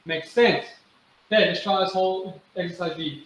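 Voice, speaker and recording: A man with a fairly high voice teaches drumming, counting beats and chanting stick patterns out loud. He encourages his students patiently. The room rings with echo, and loud drumming fills the background. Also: normal speed, very noisy. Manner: counts aloud and chants drum rhythms. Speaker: drumming instructor. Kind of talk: instructional demonstration. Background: loud drum playing.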